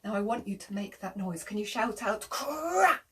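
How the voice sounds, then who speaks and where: A woman telling an interactive children's story, animated, gasping often, making sound effects and inviting the children to join in. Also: medium pitch, moderate pace, a little hiss or hum.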